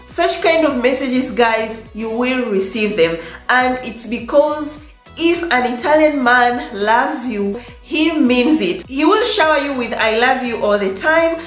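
A chatty woman with a high voice talks unhurriedly through dating advice for her viewers, often breaking into laughter and repeating words for emphasis. She sounds like she's in an echoey room with faint music in the background. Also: expressive, slow pace, fairly bright tone. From Africa. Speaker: vlogger giving dating advice. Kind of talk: casual advice monologue to viewers. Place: in Italy, in a room with echo.

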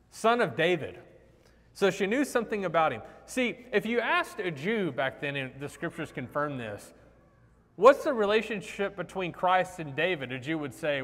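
Animated male preacher in a reverberant hall. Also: high voice, measured pace. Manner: conversational, animated, acts out the quoted lines. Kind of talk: sermon. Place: church sanctuary.

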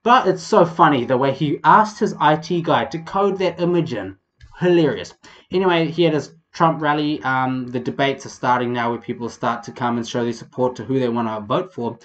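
A man's voice: mid-range voice, moderate pace, lo-fi sound. Rambling, swearing New Zealand man. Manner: rambling, profane, animated. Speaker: vlog host. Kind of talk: casual comedic commentary.

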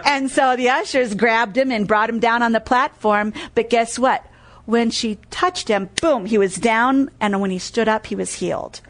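A woman's voice: fairly high pitch, normal speed. A woman preacher giving a sermon. She tells stories, reads scripture aloud, repeats key phrases for emphasis and quizzes listeners with "what?".

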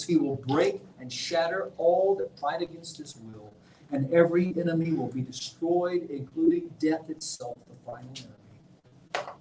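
Emphatic preacher in a roomy church. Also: male voice, on the high side, slight background noise. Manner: emphatic preaching with big swings in loudness. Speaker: visiting pastor. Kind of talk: sermon. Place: church sanctuary.

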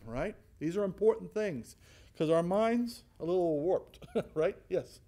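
A man's voice: sits high, measured pace. A man pastor leading a Bible study, asking the group questions and answering them himself, laughing now and then. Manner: animated, asks rhetorical questions and answers them; acts out voices in quotes, laughs often.

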